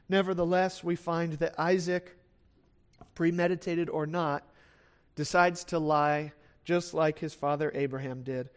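High-voiced man teaching a sermon. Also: steady tone, a little slow, smooth. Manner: expository Bible teaching with acted asides; conversational with fillers. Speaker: pastor.

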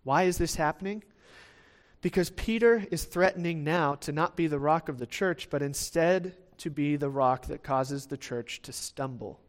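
A man's voice: fairly high pitch, moderate pace. Man preaching a conversational sermon. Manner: conversational, with frequent restarts and "right?" asides; acts out the quoted lines of the disciples in lively voices.

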